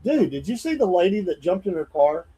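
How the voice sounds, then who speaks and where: A man's voice: high-pitched, big pitch swings, brisk, mellow, breathy edge. A man, co-hosting a casual podcast, easygoing and playful as he reads fan mail. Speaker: co-host.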